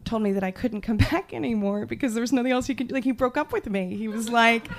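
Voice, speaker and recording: A woman from the Jersey Shore telling a personal story live on stage, animated and self-mocking, laughing as she goes. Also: on the high side, quick pace. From Jersey Shore, USA.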